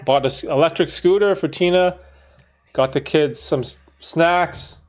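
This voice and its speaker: A man hosting a casual livestream, laid-back and playful with slangy banter, gentle when he talks to young children. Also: a little high, measured pace, faint music behind. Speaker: livestream host.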